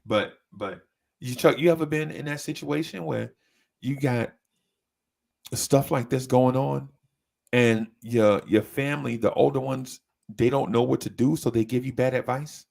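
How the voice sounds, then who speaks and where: A man telling a story in casual chat, animated and often breaking into high voices to mimic people. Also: unhurried, creaky. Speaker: podcast co-host.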